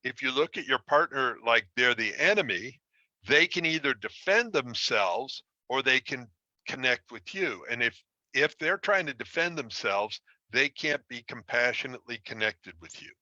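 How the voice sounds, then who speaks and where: A man's voice: mid-range voice, expressive, normal speed, bright, forceful tone, no room sound, muffled recording. A man teaching an online relationship course, explaining in a conversational way with self-deprecating stories. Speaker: relationship coach. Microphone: streaming from a computer.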